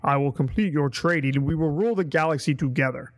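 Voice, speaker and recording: A man voicing a stern, dark male armored lord while reading a storybook aloud slowly. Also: fairly high pitch, natural voice. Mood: menacing. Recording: long hall reverb.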